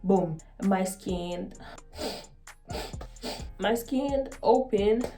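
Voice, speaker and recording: A young woman vlogger telling a personal story in an earnest, halting way, emotional and often repeating her words. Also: mid-range voice, warm tone, faint music behind.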